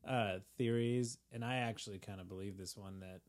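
A man's voice: fairly low pitch, steady tone, moderate pace. A man in casual chat, joking irreverently and crudely.

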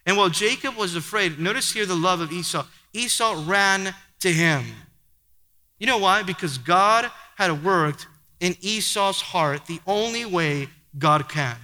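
A man's voice: high-pitched, expressive, unhurried, bright, forceful tone. A man preaching a sermon with an emphatic, repetitive cadence. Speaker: pastor. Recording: long hall reverb.

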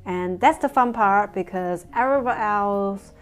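A woman's voice: medium pitch, measured pace, clean tone, faint music behind. A woman from China whose first language is Mandarin, co-hosting a podcast in casual chat and mixing in Mandarin. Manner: playful, competitive, switches between English and Mandarin. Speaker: podcast co-host.

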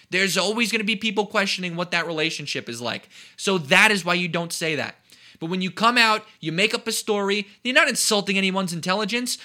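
The man has a high voice with a piercing brightness. He rants about sports in an indignant, emphatic way and hammers points home by repeating himself. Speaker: sports commentator. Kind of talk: heated sports talk rant.

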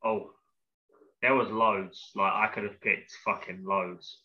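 A man in a casual podcast chat, blunt, jokey and quick to swear. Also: fairly low pitch, steady tone, pushed and bright. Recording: dull lo-fi sound.

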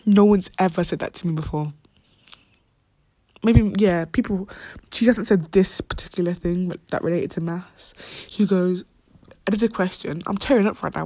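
In this casual personal vlog, a young adult college student describes her life in a low, dark voice at a moderate pace, with no room sound. Her talk is slang-heavy and rambling, full of fillers and restarts, and at times falls to a whisper.

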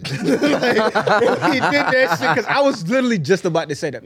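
A man's voice: high-pitched, brisk, hardly any pauses, crowd noise. A young man co-hosting a podcast, telling stories in casual chat, acting out the quotes and laughing often. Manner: animated storyteller, acts out quotes, laughs often. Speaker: podcast co-host. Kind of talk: casual storytelling among friends.

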